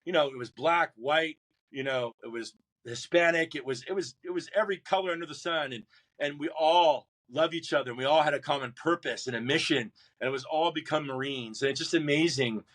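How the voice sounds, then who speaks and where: A man with a bright, forceful voice, telling a personal story in a podcast interview. He acts out the other people in the story, jumps up in pitch for the loud parts, and keeps stopping to restart his sentences. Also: fairly quick. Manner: animated storyteller who acts out drill instructors and shouts his own replies; many restarts and repeated words. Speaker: guest, Marine veteran.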